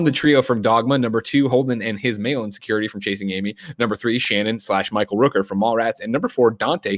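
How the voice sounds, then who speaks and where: A man hosting a casual podcast chat, talking in quick, opinionated bursts. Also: medium pitch, no echo, studio quality. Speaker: podcast host.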